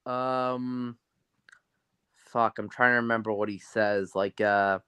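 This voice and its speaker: A co-host in a casual live chat, curious and quick to jump in with opinions. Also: mid-range voice, steady tone, sharp tone, clean tone, dry recording. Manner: curious, chatty, jumps in with opinions.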